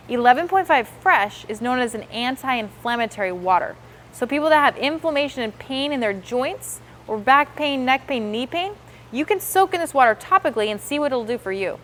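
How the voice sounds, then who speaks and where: A woman walks her trainees through a product demonstration step by step. She talks with upbeat enthusiasm in a slightly high voice and slips into the customers' reactions as she goes. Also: animated, a little fast, fairly bright tone, slight background noise. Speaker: sales trainer.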